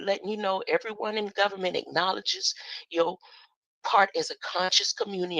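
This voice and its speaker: A woman's voice: medium pitch, no room sound, rough recording. A woman giving casual commentary on videos, asking rhetorical questions. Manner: animated, rhetorical "huh?" asides, laughs often.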